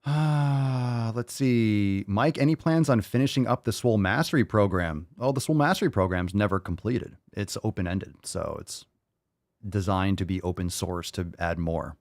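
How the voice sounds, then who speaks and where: Male podcast host, blunt and joking, lower voice, dry close sound. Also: moderate pace, darkish tone, no room sound. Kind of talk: live Q&A chat.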